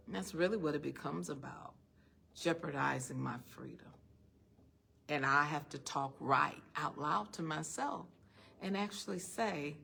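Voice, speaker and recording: A woman's voice: fairly low pitch, a little slow, vocal fry, sharp tone, slight background noise. A woman giving an emphatic, faith-based motivational talk to a live audience, firing off rhetorical questions and calling listeners "honey". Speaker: speaker addressing a live and online audience. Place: event room with an audience.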